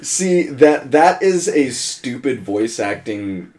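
An animated young man bantering on a casual podcast, his pitch sitting in the middle yet rising and falling freely. He laughs easily and talks fast when a story takes hold of him, and now and then he drops into deep put-on voices. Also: noisy background. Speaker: podcast co-host, voice actor.

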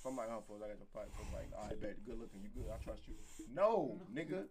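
A young man telling a story in casual podcast chat, animated and slangy, acting out what people said. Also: on the low side, quick pace.

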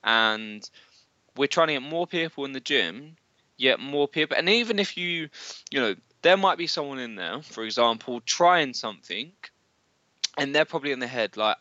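A man's voice: medium pitch, expressive, moderate pace, bright, forceful tone, no room sound. A young man co-hosting a podcast, talking bluntly and swearing freely in casual chat. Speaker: podcast co-host. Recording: dry, slightly dull podcast mic.

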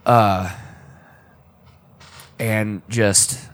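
Low-voiced man telling a painful story. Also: fairly even intonation, fairly bright tone. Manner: emotional, halting, with many restarts. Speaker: podcast co-host. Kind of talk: personal storytelling in casual talk.

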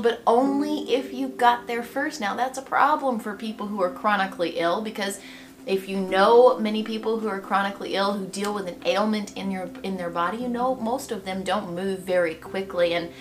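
A woman giving a devotional Bible teaching in a reflective, gently expressive way. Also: medium pitch, a little hiss or hum. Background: soft guitar music.

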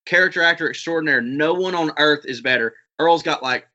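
Bright-voiced, profane podcast host. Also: male voice, on the high side, fairly quick. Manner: profane, rambling storyteller. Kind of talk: casual chat. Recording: dull lo-fi sound.

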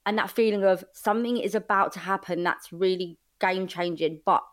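A woman's voice: mid-range voice, brisk. Chatty woman in her thirties. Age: 30s. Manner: chatty and candid, heavy use of "like". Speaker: podcast guest. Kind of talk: casual conversational interview. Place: at home in her flat.

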